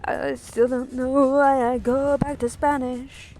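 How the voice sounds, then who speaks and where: A woman's voice: high-pitched, level tone, slow, a little mellow, soft background music. A woman chatting casually while streaming a game, rambling and swearing in self-mocking asides. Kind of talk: casual gameplay stream chat.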